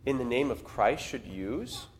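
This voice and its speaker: A man reading aloud the lines of a wise old rector who questions a man gently but firmly. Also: mid-range voice, wildly swooping pitch, a little slow, a little hiss or hum. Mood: gently probing. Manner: earnest, questioning, read aloud.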